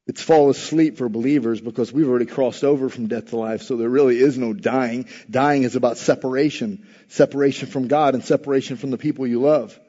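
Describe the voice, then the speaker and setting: A man preaching a sermon, swinging between quiet, slow passages and loud, rising exhortation. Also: medium pitch, steady tone. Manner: preaching with big swells from soft to loud. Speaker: pastor. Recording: muffled hall recording with long reverb.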